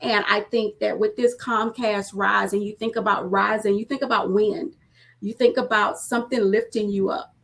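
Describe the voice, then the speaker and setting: A woman's voice: mid-range voice, fairly even intonation, moderate pace, creaky, a bit bright. Earnest woman business owner on a call. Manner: earnest, rambling with fillers. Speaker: small business owner guest. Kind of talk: casual panel conversation. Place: home studio, former bedroom. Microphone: video call.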